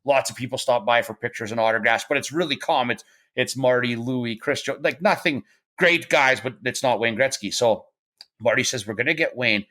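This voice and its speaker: This middle-aged man is a podcast guest, rambling through casual stories full of restarts and fillers while imitating the voices of those he quotes. He speaks at a moderate pace in a mid-range, fairly bright voice.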